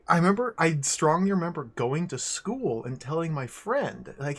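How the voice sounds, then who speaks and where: This is a man hosting a casual game livestream. He greets his chat one name after another. He laughs often and his voice leaps upward when he gets excited. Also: mid-range voice, brisk, husky. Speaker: livestream host.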